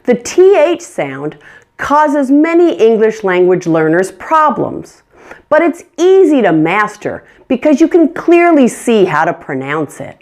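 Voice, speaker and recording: A woman teaching English pronunciation, modeling sounds with clear, deliberate demonstrations. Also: a little high, sing-song, darkish tone. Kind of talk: pronunciation lesson.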